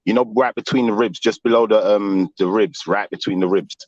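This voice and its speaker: A deep-voiced middle-aged man tells a story in loose street slang, peppered with tag questions. His voice sounds close and dry, and the stream audio is dull and lo-fi. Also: steady tone, fairly quick, a little mellow, dry recording. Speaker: panel guest. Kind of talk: casual storytelling.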